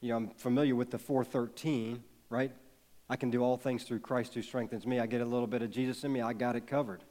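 A man's voice: medium pitch, level tone, quick pace, darkish tone. A man in his thirties preaching a sermon, telling a personal story in an earnest way and building to emphatic peaks. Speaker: pastor.

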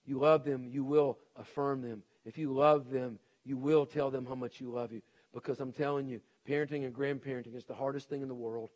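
A middle-aged pastor preaches earnestly and pleadingly, urging his congregation again and again. His voice is mid-range and a little mellow.

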